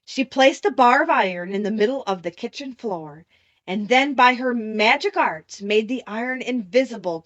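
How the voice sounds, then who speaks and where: A woman's voice: a little high, no room sound, lo-fi sound. Woman narrating a storybook. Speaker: audiobook narrator.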